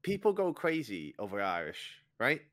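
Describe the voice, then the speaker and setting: A man's voice: medium pitch, wildly swooping pitch, fairly bright tone, no room sound, studio quality. A young man from Liverpool with a Scouse accent, a blunt and opinionated podcast co-host. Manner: blunt, opinionated, quick to laugh. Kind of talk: casual chat.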